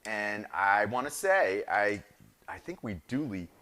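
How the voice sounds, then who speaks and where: A man's voice: on the low side, lively intonation, measured pace, bright, forceful tone. A middle-aged man with a New Jersey accent, hosting a live cooking demonstration and chatting enthusiastically to viewers. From northern New Jersey. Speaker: chef hosting a cooking show.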